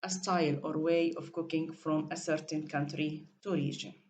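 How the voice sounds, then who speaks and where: A woman's voice: sits low, steady tone, moderate pace, a little mellow, a little hiss or hum. A woman teaching an English vocabulary lesson, reading definitions aloud and drilling pronunciation.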